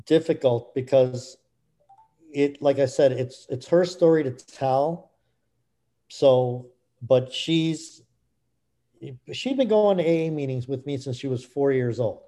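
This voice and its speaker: A middle-aged man speaking candidly as an interview guest, halting with frequent restarts. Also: medium pitch, dark tone. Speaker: guest, author.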